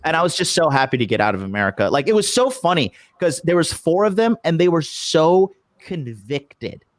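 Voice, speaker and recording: Casual podcast guest, male, profane and animated storyteller, dry close sound. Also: fairly high pitch, normal speed, no echo. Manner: profane, animated retelling with acted quotes. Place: lives abroad in Japan.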